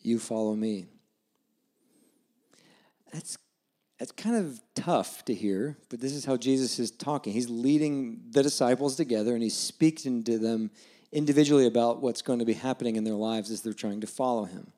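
A man in his forties, a guest preacher, telling a personal story in a conversational sermon and dropping low and soft when he quotes scripture. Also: fairly quick. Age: 40s.

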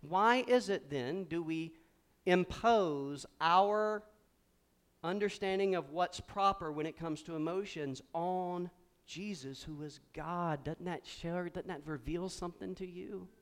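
A pastor preaching a lively sermon to a congregation and calling on them to repeat words back. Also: male voice, sits high, slow, clear, resonant tone. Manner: animated preaching with call-and-response to the congregation. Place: church sanctuary before a congregation.

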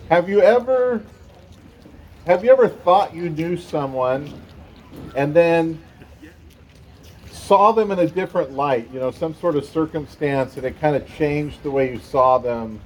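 A man's voice: fairly high pitch, a little hiss or hum, poor audio. A middle-aged man from the San Francisco Bay Area, a pastor giving a conversational sermon with a personal story.

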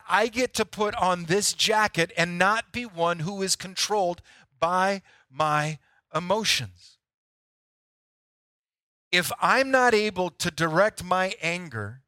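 Bright, high-voiced male pastor preaching. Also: no room sound, clean studio sound. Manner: emphatic, repeats key lines for effect. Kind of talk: sermon.

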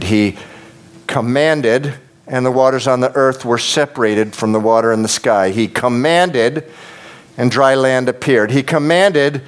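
A pastor preaching a sermon, emphatic and repetitive, talking straight to his congregation and dropping to a hush at times. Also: medium pitch. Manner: addresses the congregation directly.

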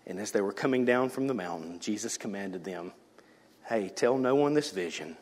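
Male pastor preaching in a church hall, swings from shouts to whispers, long reverb. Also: mid-range voice. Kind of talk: sermon. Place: church sanctuary.

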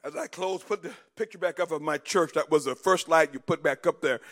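High-voiced impassioned male preacher. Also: fairly quick. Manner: impassioned preaching, swelling to shouts with a sing-song cadence. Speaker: pastor. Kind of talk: sermon.

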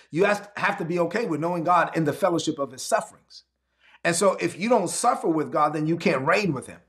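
A man preaching with a high, gravelly voice that carries a rough edge through every phrase. He repeats his lines and calls out to his audience, building to fervent, emphatic peaks. It is a sermon delivered live to an online congregation. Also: a bit bright. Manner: repetitive, call-and-response preaching.

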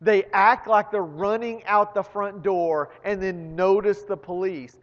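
A pastor preaching a sermon, telling a story that builds to loud emphatic peaks and often repeating words as he restarts. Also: high-pitched, fairly even intonation, unhurried. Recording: long reverb, dull lo-fi sound.

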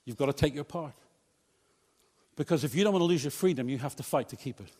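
A male pastor preaches to his congregation in a church, his voice a touch higher than most men's. He speaks in a conversational way and slips in light jokes. The sound carries a long reverb from the hall. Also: quick pace, darkish tone, breathy edge. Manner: conversational, humorous asides to congregation. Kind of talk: preached sermon.

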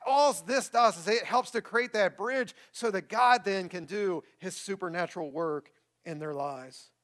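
A man's voice: high-pitched, fairly bright tone. A man preaching a sermon as pastor, emphatic and repeating key words to rouse the room. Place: church.

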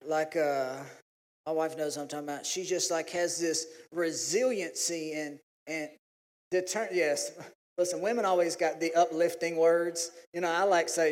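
A man, preaching a sermon in a folksy, animated way. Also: unhurried. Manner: folksy, animated storytelling, pitch jumps when acting out his family. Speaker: pastor. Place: church sanctuary. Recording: long hall reverb.

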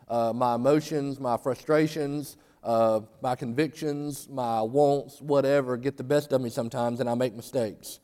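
A man's voice: mid-range voice, steady tone, moderate pace, hardly any pauses, dark tone. A man preaching a sermon, telling a folksy story and rising to fervent emphasis. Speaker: pastor. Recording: long hall reverb.

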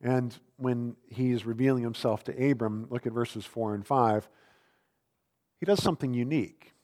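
A man's voice: medium pitch, fairly even intonation, moderate pace, darkish tone. Man preaching in a reverberant hall. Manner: conversational storytelling, self-deprecating humor. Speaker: pastor. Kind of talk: sermon.

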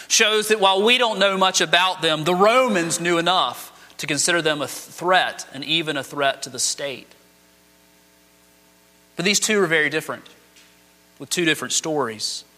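Male pastor, high bright voice, dramatic sermon delivery, long hall reverb. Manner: dramatic, acts out quoted speech.

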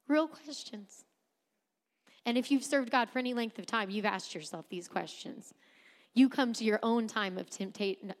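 A woman preaching a sermon, dropping to soft near-whispers and then rising into emphatic, pleading appeals. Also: mid-range voice. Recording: long hall reverb.

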